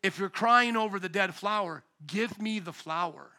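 A man preaching a sermon as pastor, a parent of young children, swinging between loud emphatic bursts and quiet low asides. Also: normal speed. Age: young adult to middle-aged, a parent of young children.

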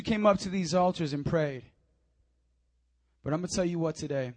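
A young man preaching a sermon in a church, swinging between loud urging and low confiding asides. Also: normal speed, dry recording. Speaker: pastor. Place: church sanctuary.

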